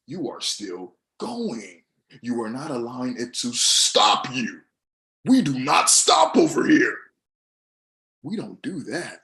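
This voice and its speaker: A young adult man giving a motivational monologue, passionate and swinging from shouts to soft asides. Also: mid-range voice. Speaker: motivational speaker.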